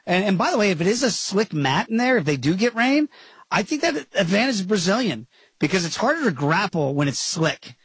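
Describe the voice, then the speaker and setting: Husky, higher-voiced man hosting, jokey. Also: a little fast, dry recording. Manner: lively, jokey, does impressions. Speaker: podcast host. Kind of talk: casual podcast chat.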